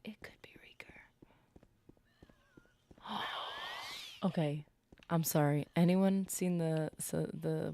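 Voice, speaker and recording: A woman's voice: fairly low pitch, mellow. A woman streaming a game, chatting casually to her viewers as she plays and rambling from topic to topic. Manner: chatty, rambling, talks to chat while playing. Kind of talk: casual live-stream commentary.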